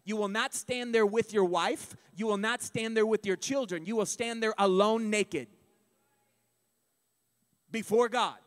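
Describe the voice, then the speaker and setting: A male pastor preaching a sermon, emphatic and building to shouts. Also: sits high, unhurried, pauses often. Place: church sanctuary. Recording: long reverb of a church hall.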